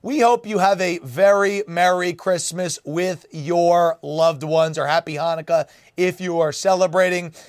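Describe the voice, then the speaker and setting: A talk-show host, a man with a high voice, firing off mocking rhetorical questions. His delivery is animated and quick to jump between points. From United States. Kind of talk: political talk show banter.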